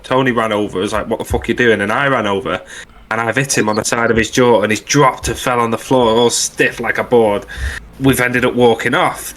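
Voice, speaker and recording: A man's voice: mid-range voice, fairly bright tone. A man hosting a podcast, telling anecdotes in casual chat and acting out the quotes. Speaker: podcast host.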